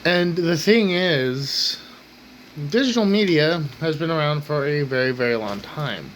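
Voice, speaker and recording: A man's voice: on the high side, lively intonation, unhurried, fairly bright tone, a little hiss or hum, rough recording. A man ranting angrily at his table at home, exasperated, swearing and repeating himself. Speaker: ranting vlogger. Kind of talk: angry rant to camera. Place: home kitchen table, indoors.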